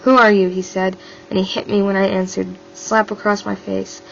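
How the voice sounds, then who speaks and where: A woman reading a novel aloud in a steady, subdued way as an amateur audiobook reader. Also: mid-range voice, normal speed, creaky. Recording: dull lo-fi with faint music.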